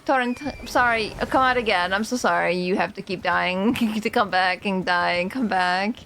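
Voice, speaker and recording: A woman streaming a game, chatting casually, humming to herself and yelling at enemies. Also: medium pitch, moderate pace, a little hiss or hum. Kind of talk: casual gameplay commentary.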